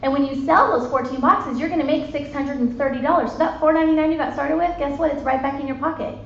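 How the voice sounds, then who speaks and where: A woman in her thirties giving a chatty, bubbly sales pitch to a live audience, calling them "you guys". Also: quick pace, gravelly, slight background noise. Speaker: sales presenter. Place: meeting room with an audience. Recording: echoey, dull lo-fi room recording.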